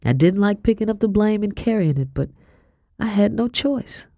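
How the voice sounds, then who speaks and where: A woman's voice: mid-range voice, dry recording. Woman reading an audiobook, dry close sound. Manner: measured, expressive reading. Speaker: audiobook narrator. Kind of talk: scripted narration.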